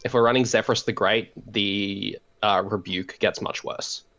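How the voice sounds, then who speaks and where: An Australian man as a guest in a casual chat, relaxed and full of ums and uhs. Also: on the low side, measured pace.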